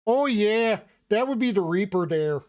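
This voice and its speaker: A man's voice: high-pitched, animated, a little slow, darkish tone, no room sound. A man voicing a boastful, rich old businessman in a put-on Irish accent that slips toward Canadian, reading game dialogue. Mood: gossipy. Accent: put-on Irish drifting Canadian. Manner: blustering, folksy, theatrical.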